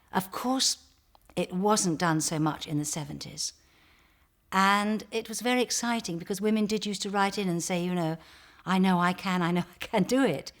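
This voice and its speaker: A woman in a TV interview, looking back on her role with enthusiasm. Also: medium pitch. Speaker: actress being interviewed. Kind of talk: reflective interview.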